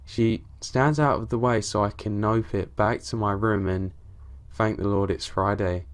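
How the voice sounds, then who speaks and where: Male narrator, lowish pitch, calm first-person horror storytelling, casual swearing. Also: measured pace, smooth. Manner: low-key, steady storytelling with casual swearing.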